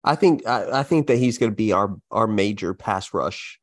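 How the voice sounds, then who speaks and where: A man co-hosting a sports podcast, speaking in a measured, agreeable way. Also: lowish voice, animated. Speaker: podcast co-host. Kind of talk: casual sports talk.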